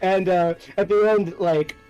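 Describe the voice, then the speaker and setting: A man's voice: high voice, measured pace, smooth, lo-fi sound, faint music behind. A man co-hosting a casual podcast while playing a game, laughing often as he tells stories. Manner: laughs often, lively storytelling. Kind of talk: casual chat over gameplay.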